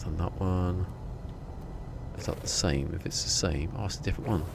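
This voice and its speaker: A man talks through his gameplay in a rambling, chatty way, muttering to himself as he goes. His voice is low and gravelly. A faint hiss sits under the recording. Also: normal speed. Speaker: game streamer. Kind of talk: casual live-stream commentary.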